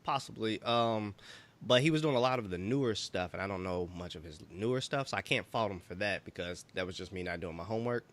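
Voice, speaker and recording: A man with a somewhat low voice chats casually as a podcast co-host. He rambles through his stories with plenty of fillers, unhurried and easygoing. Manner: relaxed storytelling, lots of fillers. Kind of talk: casual chat.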